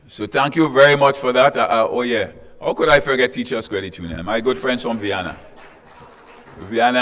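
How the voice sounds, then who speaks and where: A man's voice: medium pitch, fairly bright tone, in a large hall. A man from Tobago with a Tobagonian accent, acting as emcee of a formal panel in a hotel conference room. He greets the guests in a chatty way and jokes with the crowd. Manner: chatty and joking, with asides to the audience. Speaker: event emcee. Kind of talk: ceremonial address with greetings.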